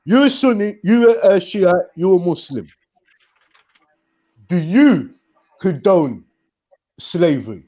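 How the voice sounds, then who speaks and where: A man with a fairly high voice argues as a debate guest, stumbling and repeating himself as he works through his points. The audio comes through a muffled online call. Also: very animated. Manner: halting, repeats words, builds his points slowly. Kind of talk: heated debate chat.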